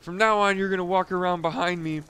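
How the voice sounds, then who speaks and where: A man's voice: sits high, steady tone, fast talker, bright, forceful tone, clear, resonant tone. A young man casually retelling a boot camp story, loose and profane, chuckling now and then. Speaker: storyteller, former Marine recruit.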